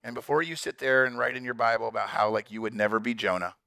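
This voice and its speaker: Male pastor, energetic and chatty, with a bright, gravelly, high voice that swings a lot. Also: fast, no room sound, studio quality. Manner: animated, conversational, rhetorical questions to the congregation. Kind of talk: sermon.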